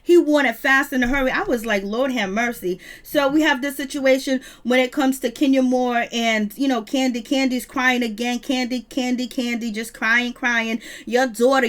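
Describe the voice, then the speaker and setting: A woman hosting a live review of a reality show, talking in an animated, gossipy and sassy way. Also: on the high side. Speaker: reality TV recap host.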